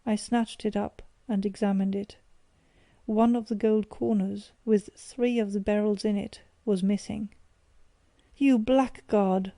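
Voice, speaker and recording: Dark-voiced woman reading an audiobook. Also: mid-range voice, flat delivery, a little slow, no echo. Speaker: audiobook narrator. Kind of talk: scripted narration of a classic detective story.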